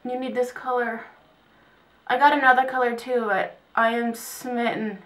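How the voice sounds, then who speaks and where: Chatty young woman, fairly high voice. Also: normal speed. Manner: chatty, gushing, animated storytelling. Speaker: beauty vlogger. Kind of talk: casual chat. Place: home vanity area.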